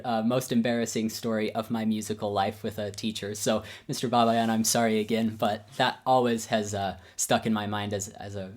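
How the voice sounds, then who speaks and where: A man's voice: lowish voice, level tone, moderate pace. Friendly self-deprecating man. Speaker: concert pianist and teacher. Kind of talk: casual personal storytelling.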